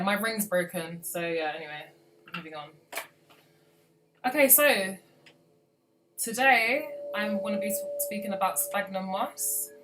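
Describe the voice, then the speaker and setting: A woman chatting on a live stream in a rambling, casual way, full of asides. Her pitch sits in an ordinary middle range. Music plays clearly behind her. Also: fairly bright tone, low-quality recording. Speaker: plant grower hosting a live stream.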